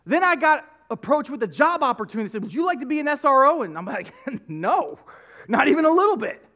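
A man delivers a sermon from the front of a church, swinging freely between low asides and punchy, raised lines. His voice sits unusually high for a man and moves all over the place, and he tells his stories casually, hammering points home by repeating them. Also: brisk. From United States. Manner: animated, conversational storytelling with emphatic repetition. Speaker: pastor. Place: church sanctuary.

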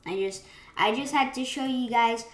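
A woman commenting live on her gameplay, excitable, with sudden gasps and rambling restarts. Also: fairly high pitch, moderate pace. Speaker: gaming channel host. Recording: roomy echo with faint keyboard clicks.

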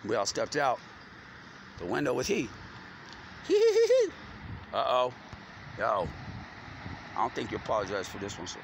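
Man, gravelly, slangy rambler with cursing, recorded outdoors over loud traffic noise. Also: lowish voice, moderate pace, long pauses. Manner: loose, slangy, stream-of-consciousness talk with cursing. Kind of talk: rambling monologue to camera. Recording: loud street noise with passing vehicles.

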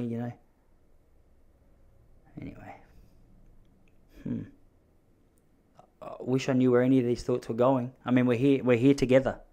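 A man's voice: medium pitch, mellow. A man hosting a solo podcast, rambling through jokey, self-mocking asides. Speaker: podcast host.

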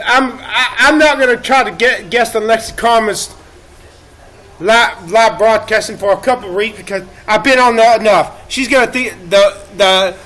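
A man with a very high, sharp voice rants through a livestream, profane and erratic and full of self-pity. He breaks into shouts now and then. He is recording in a laundromat. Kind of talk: ranting livestream monologue.

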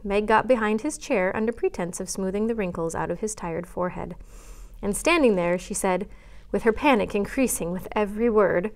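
A woman librarian reads a chapter book aloud at story time. Her mid-range voice is gentle and expressive. Now and then she breaks off for a quick aside to her listeners. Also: medium pitch. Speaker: children's librarian reading aloud. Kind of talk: read-aloud storytime narration.

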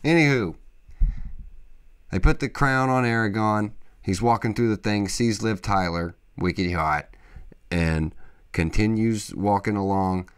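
A man hosting a podcast, talking casually and excitably, with lots of emphatic interjections. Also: on the low side, a little slow, clear, resonant tone. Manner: excitable, emphatic, peppered with "freaking" and "dude". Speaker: podcast host. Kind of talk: casual solo podcast monologue.

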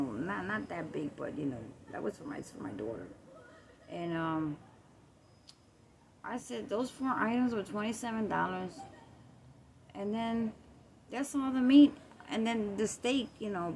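Out on a night walk through her quiet neighborhood, a Puerto Rican woman vlogs as she casually and animatedly retells a story packed with quoted back-and-forth. Her mid-range voice has vocal fry and a darkish tone, with a slight hiss or hum.

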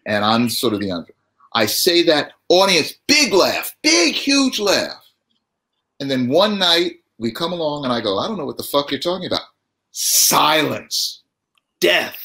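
A man's voice: a little high, a little slow. A man telling theater anecdotes as a talk show guest, acting out the quotes as he goes. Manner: animated storyteller, acts out quotes.

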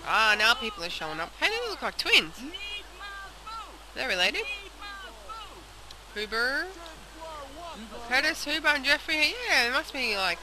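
A young woman casually commenting on a video game, chatting aloud and talking to the characters. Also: high voice. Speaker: let's play host. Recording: noisy home recording.

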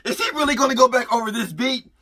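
A man hosting a music reaction channel, reacting in a casual, excitable way with loud hype exclamations. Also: very high-pitched, fast, gravelly. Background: rap track playing.

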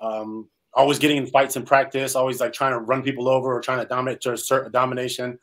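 Fast-talking man telling his life story. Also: medium pitch, level tone, fairly bright tone, poor audio. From Salinas, California, US. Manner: earnest, rambling storyteller with frequent "um"s and restarts. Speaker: interview guest, former pro football player. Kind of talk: storytelling in a casual interview.

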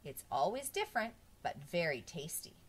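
Woman reading as a proud, easygoing homeless man, storybook, lively and matter-of-fact. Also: lowish voice, moderate pace, breathy edge, heavily acted. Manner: matter-of-fact, bursts into shouting. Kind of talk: storybook read-aloud.

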